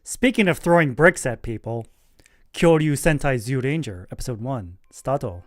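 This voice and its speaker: A streamer in the middle of a watchalong, trading wry jokes and deadpan asides. The voice sits at an ordinary middle pitch. The sound is close and dry, with no room around it. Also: moderate pace, dry recording. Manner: wry, joking reactions. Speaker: VTuber streamer. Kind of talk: casual watchalong commentary.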